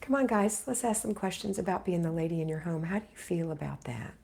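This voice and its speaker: A woman's voice: fairly low pitch, fast talker, creaky, a little mellow, husky. A middle-aged woman hosting a live homemaking Q&A, reading viewer comments aloud and answering them in an encouraging, motherly way, just getting over an illness. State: recovering from illness. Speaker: homemaking livestream host.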